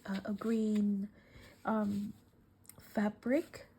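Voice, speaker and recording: A woman vlogger unboxing crafting gifts in casual chat, gushing and emotional, often dropping to soft whispers, tearful and welling up. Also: mid-range voice, flat delivery, breathy edge. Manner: slow, with many fillers and sighs.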